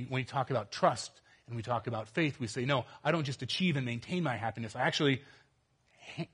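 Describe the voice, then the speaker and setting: A man preaching a sermon, earnest and emphatic, swinging between loud outbursts and quiet, low stretches. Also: slightly rough. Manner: earnest, emphatic, rising to exclamations and dropping to quiet.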